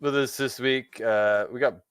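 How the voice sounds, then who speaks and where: A man's voice: mid-range voice, steady tone, measured pace, a bit bright, clear, resonant tone, no echo, soft background music, natural voice. A man voicing a dumb laid-back surfer dude, drawling and packing every phrase with "like" and "bro". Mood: lazy. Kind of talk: podcast intro bit.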